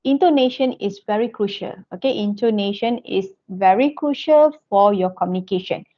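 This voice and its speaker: A woman giving an online lecture, checking in with "okay" and "all right" all the time and often restarting her sentences. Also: on the high side. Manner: non-native phrasing, frequent restarts. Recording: dull lo-fi audio.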